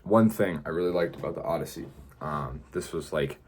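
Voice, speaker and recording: Low-voiced rambling young man. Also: normal speed, darkish tone, a little hiss or hum. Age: young adult. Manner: rambling, full of fillers and "like". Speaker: vlogger. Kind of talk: casual talk to camera.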